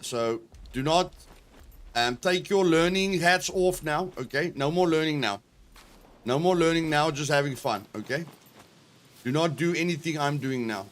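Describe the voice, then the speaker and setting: A man streaming a video game live, talking to his chat with sudden excited exclamations. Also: a little high, measured pace. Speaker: gaming streamer. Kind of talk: live gameplay commentary.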